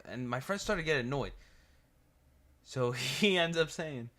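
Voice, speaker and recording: A man's voice: medium pitch, animated, moderate pace, a bit bright. A man with a New York accent hosting a reaction video, telling stories in a rambling, profane way and laughing as he goes. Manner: laughs through stories, restarts often. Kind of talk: casual reaction commentary.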